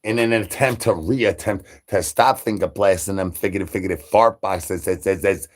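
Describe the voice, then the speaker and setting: A man's voice: low voice, moderate pace, few pauses. A man delivering absurd comedy, rambling through nonsense with rhyming wordplay and stutters. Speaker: comedy channel creator.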